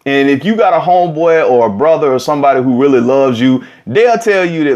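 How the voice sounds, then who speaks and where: A man's voice: fairly high pitch, a little fast, highs cut off. A man hosting a vlog, telling a story in casual, slangy talk straight to his viewers. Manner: animated, slangy, direct address. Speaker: vlog host.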